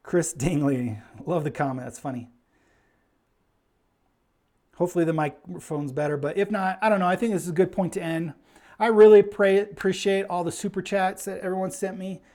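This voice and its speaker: A man's voice: high-pitched, fairly even intonation, normal speed, warm tone. A man hosting a casual live Q&A stream, chatting and thinking aloud on a clip-on mic in an indoor room with some echo. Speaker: host of a craps channel live stream. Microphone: clip-on mic with pack.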